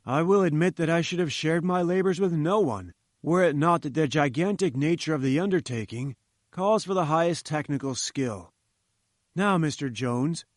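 A man's voice: fairly high pitch, no room sound, clean studio sound, natural voice. A man voicing a pompous, patronizing older professor who lectures condescendingly in an audiobook reading.

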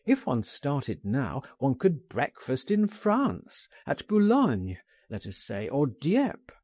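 Brief: male audiobook narrator, unhurried and very lively in pitch, mellow, husky. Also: dry recording, studio quality. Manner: measured, expressive delivery. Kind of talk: first-person audiobook narration.

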